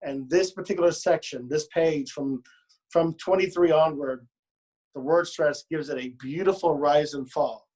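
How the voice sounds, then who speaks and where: This choir director has a slightly high, somewhat mellow voice and a moderate pace. During rehearsal he drills pronunciation and stress, demonstrates by speaking and singing, and adds playful humor.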